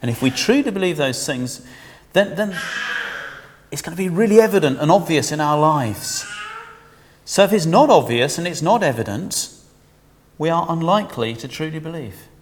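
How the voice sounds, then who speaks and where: A man preaching a sermon in a lively, conversational way, asking his listeners questions. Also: on the high side, moderate pace, pauses often, long reverb tail, slight background noise.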